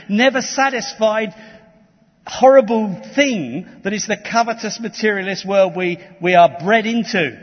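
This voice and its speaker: Male pastor, English, high voice, husky, earnest preaching, muffled recording with long church echo. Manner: earnest, emphatic, with restarts and asides. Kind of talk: sermon. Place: church hall.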